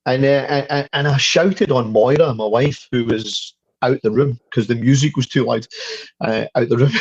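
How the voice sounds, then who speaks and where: A man's voice: medium pitch, breathy edge, dry recording. Scottish man, fifties, interview guest, eager storyteller, stumbling restarts, muffled lo-fi sound. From Scotland. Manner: animated storyteller with many stuttered restarts and swearing. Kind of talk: casual interview chat.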